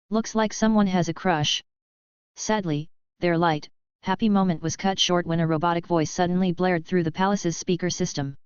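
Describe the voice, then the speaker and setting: A woman reading a novel aloud as narrator, telling the story in an even, unhurried way. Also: fairly low pitch, clear, resonant tone, no echo. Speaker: audiobook narrator. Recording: dull, lo-fi dry recording.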